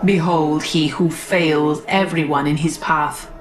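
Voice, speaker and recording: A woman voicing a chorus of living heads hanging from a tree, sneering and taunting, in a slow storybook reading with faint music behind. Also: sits low, fairly even intonation, pitched below the performer's own voice, poor audio. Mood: mocking.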